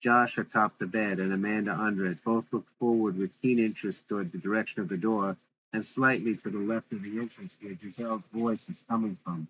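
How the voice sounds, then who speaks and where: Low-voiced man reading stage directions. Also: fairly even intonation, fairly quick, fairly bright tone, lo-fi sound, a little hiss or hum. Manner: plain, matter-of-fact reading.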